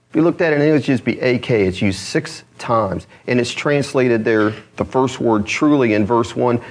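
A man preaching a sermon as pastor, earnest, asking the congregation rhetorical questions. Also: medium pitch. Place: church.

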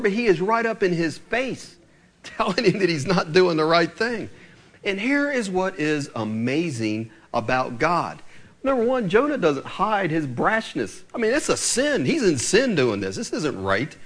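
A man preaching a sermon, acting out the people in the story as he goes. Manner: animated preaching, acting out voices with swings of pitch. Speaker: pastor.

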